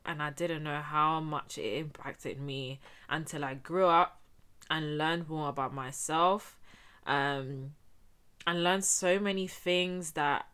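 A young woman from Spain talks straight to her viewers in a loose, slangy, chatty way. Her voice sits low but rings bright and forceful. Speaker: vlogger. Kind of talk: casual personal storytelling.

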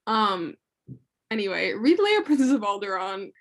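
A young woman co-hosting a casual fan podcast with a mid-pitched voice. She chats in a playful, self-deprecating way, often trailing off into jokes. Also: very animated, normal speed, fairly bright tone. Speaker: podcast co-host.

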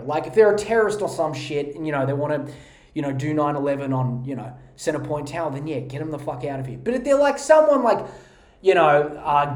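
A man's voice: fairly high pitch, darkish tone, reverberant. A man hosting a podcast, ranting in a mocking, profane comedic style on a podcast mic. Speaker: podcast host.

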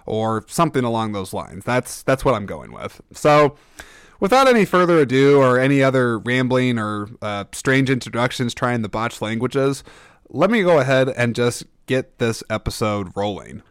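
A man's voice: medium pitch, sing-song, normal speed, clear, resonant tone, no room sound, studio quality. A man hosting his own podcast in a casual, rambling, self-deprecating way, often stammering and restarting his sentences. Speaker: podcast host. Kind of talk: casual solo podcast monologue.

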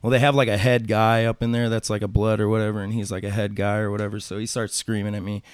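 A man's voice: lowish voice, flat delivery, fast talker, clean tone, no echo, studio quality. A man talking as a tattoo artist guest in an interview, telling stories casually, swearing freely and acting out what other people said. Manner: profane, acts out quoted voices.

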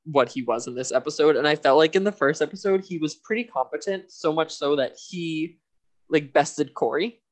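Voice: medium pitch, normal speed. A podcast co-host recapping a TV episode in casual chat, laughing often. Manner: laughs often, loose and chatty.

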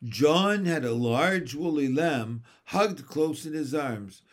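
A man reads a children's story aloud at an unhurried, measured pace. His voice sits a little high and stays gentle throughout. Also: lively intonation. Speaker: reader. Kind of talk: storybook narration.

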